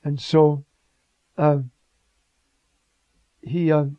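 A man preaching a sermon with emphatic, animated delivery, rhetorical questions and frequent fillers. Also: fairly high pitch, extremely slow, no echo. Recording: dull lo-fi recording.

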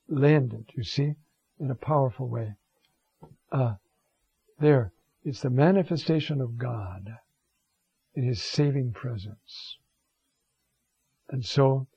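A Bible teacher gives a scripture lecture, animatedly reading passages and explaining them with frequent "you see" asides and restarts. His mid-range voice is husky with vocal fry, and the dull, lo-fi recording is dry, with no room sound.

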